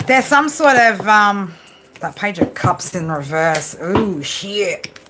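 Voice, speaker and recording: A woman's voice: medium pitch, slow pace, background noise. Blunt, profane woman tarot reader. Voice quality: blunt and profane, peppers talk with "right?". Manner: emphatic, coaching tone. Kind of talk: live tarot reading.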